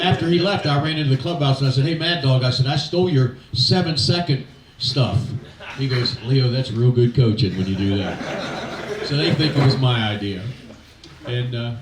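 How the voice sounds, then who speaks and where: A man's voice: medium pitch, a little hiss or hum. Older man telling folksy stories in an echoey hall. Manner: folksy anecdotes, quoting others in animated voices, halting fillers. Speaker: retired pitching coach telling stories. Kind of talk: after-dinner storytelling speech. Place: event hall. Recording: echoey hall, mic heard from a distance.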